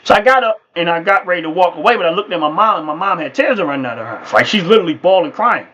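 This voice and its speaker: A man's voice: high-pitched, lively intonation, racing, bright, forceful tone, lo-fi sound. A man hosting a livestream, telling a personal faith testimony in an earnest, emphatic way and repeating himself for stress. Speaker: livestream host.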